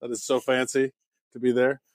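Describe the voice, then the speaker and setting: A man's voice: mid-range voice, monotone, normal speed, dry recording, studio quality. A male podcast co-host in casual chat, jokey and playful.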